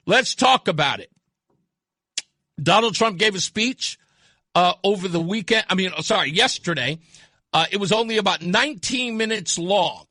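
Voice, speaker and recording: A man's voice: sits high, expressive, moderate pace, pushed and bright, no echo. A man hosting a talk radio show, delivering a mocking, scornful monologue into a studio mic. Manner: mocking, scornful, laughs at callers.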